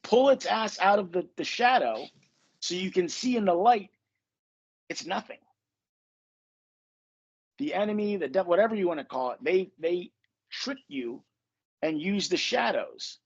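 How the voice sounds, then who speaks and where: High husky dude coaching on a podcast, blunt and sweary, muffled lo-fi sound. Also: male voice, expressive, unhurried, pauses often. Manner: blunt, profane, emphatic. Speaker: podcast host and manifestation coach. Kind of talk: casual podcast talk.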